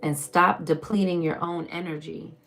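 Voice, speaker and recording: On a live stream, a woman gives a casual spiritual tarot reading, chatty and a bit preachy, calling listeners "baby" and "y'all." Her gravelly voice keeps a steady tone at normal speed, yet swings from loud, emphatic bursts to low murmurs over soft background music.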